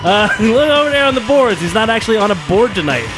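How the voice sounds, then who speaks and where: Young man, comedy host, lively pitch, wry quick banter, music behind.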